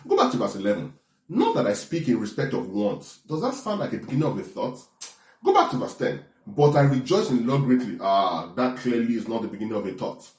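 A man's voice: lowish voice, big pitch swings, a little fast, roomy sound. A man preaching a sermon, teaching in a conversational way with frequent check-ins and restarts. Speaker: pastor.

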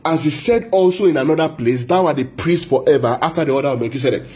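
A man preaching a Bible sermon, repeating phrases for emphasis, asking the listeners questions and stretching key words out slowly. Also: fairly high pitch, darkish tone.

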